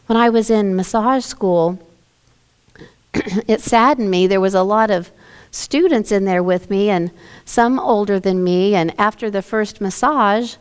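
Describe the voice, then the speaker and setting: A woman pastor preaching a sermon in a gentle, conversational way, asking her listeners questions. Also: mid-range voice.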